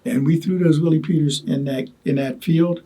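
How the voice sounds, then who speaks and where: An older man recalling his wartime experiences in an oral history interview, talking haltingly with many repeated words and asides. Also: on the high side, fairly even intonation, warm tone, a little hiss or hum. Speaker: Vietnam veteran interviewee.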